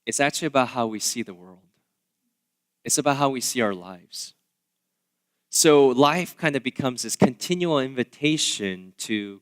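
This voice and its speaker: A man in his thirties, a pastor giving a sermon in a church, talking casually with lots of fillers and asides. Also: medium pitch. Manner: casual, conversational preaching with many fillers; animated, swinging between loud asides and quiet remarks. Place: church sanctuary.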